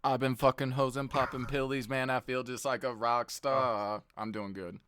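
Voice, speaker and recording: A man's voice: mid-range voice, steady tone, normal speed, fairly bright tone. Laid-back joking male co-host. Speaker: show regular, co-host. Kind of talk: casual banter on a call-in show.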